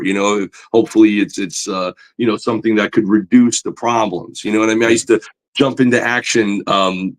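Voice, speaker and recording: On a podcast with poor audio, a comic book artist guest with a lowish voice chats casually and tells animated stories. He leans heavily on "you know" as filler, and his pitch rises whenever he gets excited.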